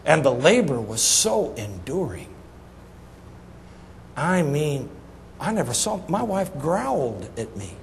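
A middle-aged man preaching a sermon, telling a humorous story in an animated, folksy way that swings between loud punchlines and soft asides. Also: on the high side, takes it slowly, gravelly, pauses often, a little hiss or hum. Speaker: pastor. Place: church sanctuary. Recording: reverberant church hall, faint ambience.

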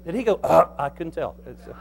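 A man preaching a sermon in a folksy, animated way, swinging between soft asides and loud emphasis. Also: a little high, quick pace, slight background noise. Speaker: pastor.

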